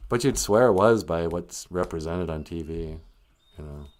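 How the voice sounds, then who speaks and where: A man's voice: sits low, normal speed, darkish tone. A man from Montana hosting a livestream, rambling through a joking monologue and laughing often. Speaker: livestream host. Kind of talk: casual comedic monologue.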